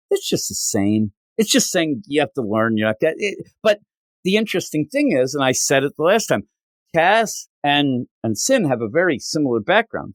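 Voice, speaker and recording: Animated, exasperated male podcast host. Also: medium pitch, dry recording, studio quality. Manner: animated, exasperated, quotes characters in mock voices. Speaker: podcast co-host reviewing comics. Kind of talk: casual chat.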